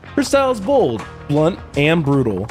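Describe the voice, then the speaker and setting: A man's voice: a little high, huge pitch swings, a little slow, a little mellow, faint music behind. A man voicing a streetwise older male informant in a video game, who talks in a folksy, knowing way.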